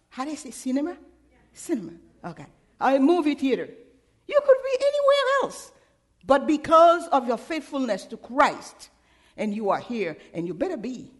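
A woman preacher giving a sermon, questioning her congregation again and again. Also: high voice.

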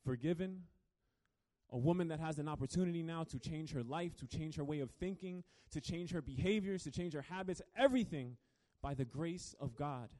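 Male pastor, slightly high voice, dramatic storyteller, hushed-to-loud sermon delivery. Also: moderate pace. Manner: dramatic storytelling, swings between soft and loud.

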